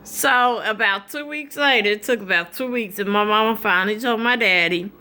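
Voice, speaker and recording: A woman vlogger telling a personal story in a candid, animated, colloquial way. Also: mid-range voice, moderate pace.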